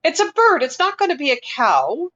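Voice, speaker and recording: Woman, game master, high pitch, relaxed patient narration, dull recording. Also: normal speed.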